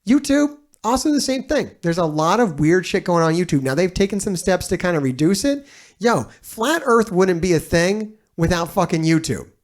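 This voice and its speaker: A man giving casual reaction commentary as a streamer, telling a rambling story full of swearing. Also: high voice.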